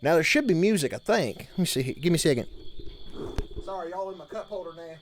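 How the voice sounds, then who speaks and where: Faint music plays behind a man whose voice is a little high, expressive and brisk. Streaming live from home in front of a blanket-draped backdrop, he chats casually with viewers as a folksy camp counselor who drawls "y'all" constantly.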